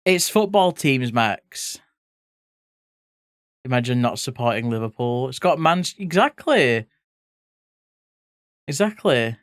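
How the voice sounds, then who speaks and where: An art streamer from England, raised in Leeds, chats playfully and loosely with live viewers while drawing, reading their messages aloud and swearing now and then. Her middling-pitched voice has lively intonation, a slow pace and frequent pauses, recorded close and dry with no room sound.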